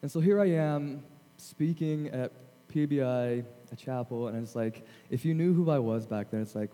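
A man in his thirties, a guest chapel speaker, telling self-deprecating stories in a lively, animated way. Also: mid-range voice, normal speed. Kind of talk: storytelling chapel sermon. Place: large chapel hall. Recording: long hall reverb.

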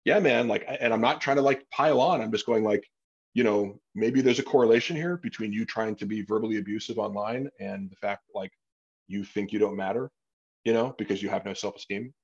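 A man with a husky, low-pitched voice talks loosely on a podcast, full of fillers and casual profanity. The audio is a bit dull and lo-fi. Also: brisk. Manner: rambling, many fillers, profane. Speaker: podcast host.

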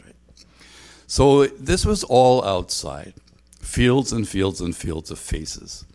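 A man's voice: medium pitch, animated, slow, gravelly, darkish tone. An older man preaching a sermon in an earnest, conversational way, often restarting his phrases. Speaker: pastor.

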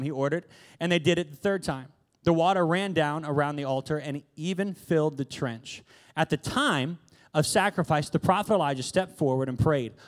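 High-voiced man preaching. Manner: casual and joking, laughs between lines. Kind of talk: sermon with Bible storytelling. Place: church hall.

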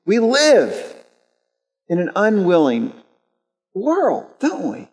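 A young adult man with a notably high voice preaches to his church, telling stories in an earnest, conversational way and often repeating a word as he restarts. His voice rings out with a long reverb tail from a large sanctuary. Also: huge pitch swings, takes it slowly, darkish tone. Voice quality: storytelling, earnest, repeats words when restarting. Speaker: pastor. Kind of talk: sermon. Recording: reverberant hall.

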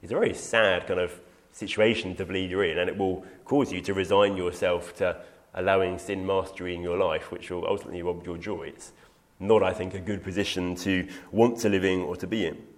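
A man's voice: deep voice, steady tone, a little fast. A man teaching through a Bible passage in an earnest, emphatic way, quoting scripture and taking questions. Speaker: preacher.

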